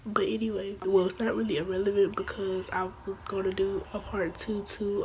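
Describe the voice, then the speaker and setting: A woman with a hoarse, fading voice tells a rambling storytime vlog, slipping into a whisper. Her pitch barely moves, and faint background noise sits under the recording. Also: steady tone, moderate pace, hardly any pauses, darkish tone, poor audio. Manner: rambling, with restarts and self-corrections. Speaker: vlogger.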